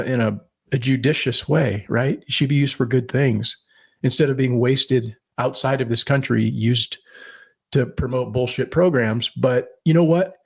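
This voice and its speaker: With a medium-pitched, slightly breathy voice, a podcast co-host shares blunt political opinions. He swears, rambles and restarts his sentences.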